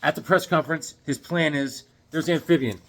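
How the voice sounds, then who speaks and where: A man recapping a comic book story in a lively, animated way, slipping into character voices as he goes. His voice sits a bit high for a man, and the talk is loose and casual with restarts. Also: normal speed. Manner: frequent fillers and restarts.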